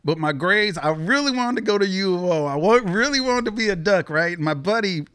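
Male guest, slightly high voice, dry close sound, chatty storyteller. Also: a little fast, clear, resonant tone, no room sound. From Pacific Northwest, US. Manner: rambling, lots of fillers, animated when quoting others. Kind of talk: casual storytelling interview.

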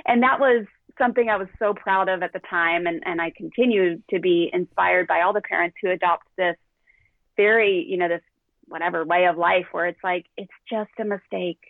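A woman's voice: fairly low pitch, brisk, creaky, no echo. Middle-aged woman parenting coach, candid storyteller, dry thin phone-line sound. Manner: candid, animated, acts out quotes. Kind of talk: podcast conversation, storytelling.

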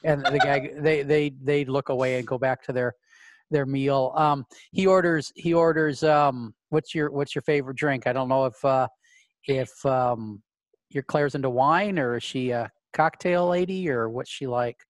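A man's voice: medium pitch, moderate pace, dry recording. A man narrating a tabletop role-play game as game master, rambling with repeated words and casual swearing.

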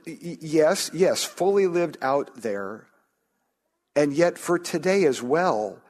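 A man's voice: mid-range voice, a little mellow. A man preaching a sermon as a pastor, earnest, often restarting his sentences and lifting his voice on key phrases.

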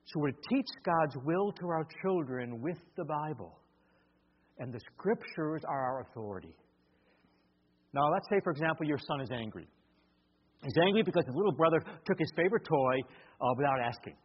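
A man's voice: fairly high pitch, animated, normal speed, slightly rough. A man preaching a sermon to a congregation, acting out the voices of parents and children as he goes. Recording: muffled recording in a large reverberant hall.

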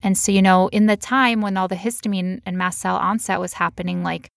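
A woman's voice: mid-range voice, flat delivery, fairly quick, gravelly, no room sound, studio quality. A woman telling a personal story in casual chat, candid and emotional, now and then putting on playful voices.

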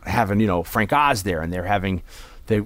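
Rambling man in casual chat, low voice. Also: lively intonation, brisk, fairly bright tone, no room sound. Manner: rambling, many fillers and restarts. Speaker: podcast co-host.

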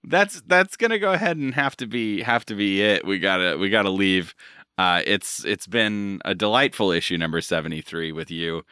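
A man's voice: fairly low pitch, normal speed, sharp tone, clear, resonant tone, no room sound, clean studio sound. A man hosting a comics podcast in casual chat, bantering and closing out the episode. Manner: wraps up the show, giggly. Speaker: podcast host.

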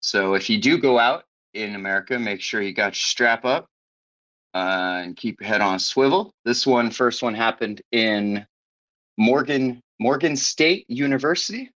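A man's voice: medium pitch, moderate pace, a bit bright. A man hosting a podcast in casual chat, sarcastic and profane, riffing loosely as he reads news aloud. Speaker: podcast host. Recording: dull lo-fi podcast audio.

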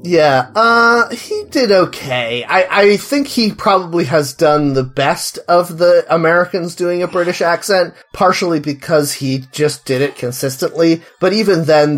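A podcast co-host in casual chat, talking about a TV series, with lots of "like" and getting animated when ranting. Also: mid-range voice, moderate pace, hardly any pauses.

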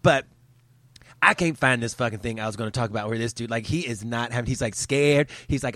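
A man's voice: mid-range voice, brisk, fairly bright tone, no echo. Guy cussing up a storm, angry sarcastic rant, dry close mic. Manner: profane, heated, sarcastic. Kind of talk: angry ranting monologue.

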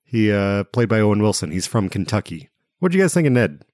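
Low-voiced man, hesitant podcast host. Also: brisk, dry recording, clean studio sound. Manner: relaxed, hesitant with many fillers. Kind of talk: casual film discussion.

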